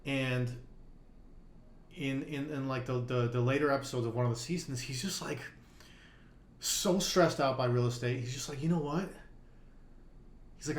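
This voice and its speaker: A man's voice: mid-range voice, quick pace. Guy rambling thru a story on a poker podcast, lots of like and um, echoey room. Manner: rambling storyteller, many fillers and restarts. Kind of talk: casual conversation.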